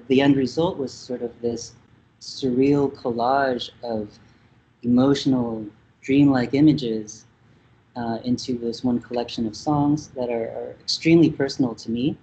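A man's voice: medium pitch, measured pace, dark tone, muffled recording, a little hiss or hum. A man from Vietnam, interviewed as a musician, talking in a thoughtful, hesitant way with many fillers. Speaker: musician guest. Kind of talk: casual interview talk.

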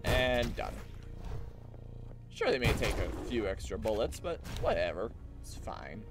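Over background music, a man rambles and jokes through casual commentary on a game he's streaming. He's very animated, speaks a little slowly, and puts on silly high voices for banter between clones.

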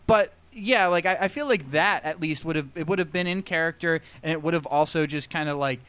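This podcast co-host, a man with a smooth, slightly high voice, talks a little fast while chatting casually about movies. The close, dry mic gives him a somewhat bright sound, and he rambles with many fillers and restarts.

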